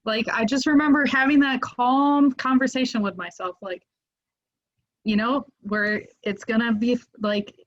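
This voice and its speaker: A woman guest on a podcast, telling a story casually with lots of "like" fillers and getting animated as it builds. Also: on the high side, measured pace, dull audio. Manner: animated, lots of "like" fillers, rises when excited.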